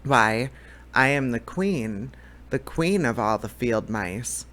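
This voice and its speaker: A man's voice: animated, slow, fairly bright tone. A man reading aloud, voicing a small, proud female mouse queen in a storybook. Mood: regal. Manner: squeaky little voice, indignant.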